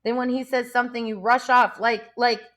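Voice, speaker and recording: Woman putting on a fussy indignant schoolboy, higher voice, breathless scolding. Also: level tone, fairly quick, a bit bright, natural voice.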